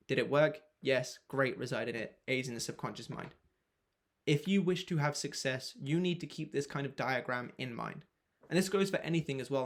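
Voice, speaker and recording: A man coaching viewers through a self-help method, asking rhetorical questions and sometimes swearing. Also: mid-range voice. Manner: frank, swears at times. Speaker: manifestation coach. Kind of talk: motivational self-help explainer.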